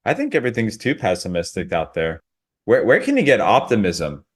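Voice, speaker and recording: A man's voice: fairly low pitch, wildly swooping pitch, a little fast, slightly rough. A man co-hosting a podcast, ranting casually in a sardonic, absurdist way. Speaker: podcast co-host.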